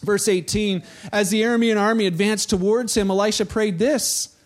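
Speaking briskly, a pastor with a rather high voice gives a casual sermon that feels like a conversation. His storytelling is lively, and he drops into the voices of the people he describes.

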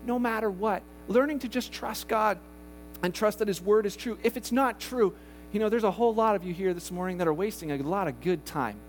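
A man's voice: sits high, a little fast, slight background noise. A man preaching a sermon to a church congregation, talking casually and asking his listeners rhetorical questions. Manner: grows loud and animated in the story he tells. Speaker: pastor.

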